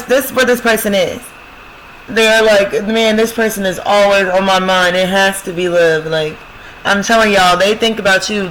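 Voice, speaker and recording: A woman's voice: medium pitch, a bit bright, a little hiss or hum, low-quality recording. A woman giving a casual prophetic love reading who talks straight to her viewers, keeps repeating "y'all," and reads song lyrics aloud before explaining them. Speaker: spiritual love-reading host.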